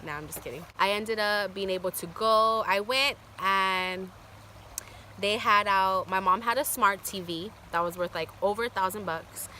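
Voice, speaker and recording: Young woman, storytime vlogger, bright voice, rambling chatty delivery. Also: mid-range voice, moderate pace, slight background noise. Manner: chatty, filler-heavy with constant "like". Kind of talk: casual storytime.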